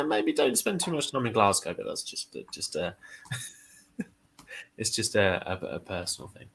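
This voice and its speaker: Male host, bright low voice, casual rambling chat. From United Kingdom. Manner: relaxed, chatty, many fillers and restarts. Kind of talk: casual live stream chat.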